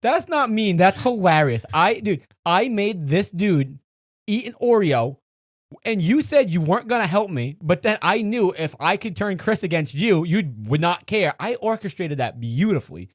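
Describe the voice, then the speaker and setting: A man's voice: sits high, animated, moderate pace, dry recording. A man in his late twenties, a podcast co-host, chatting casually, boastful and mock-proud, laughing often. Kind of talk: casual chat.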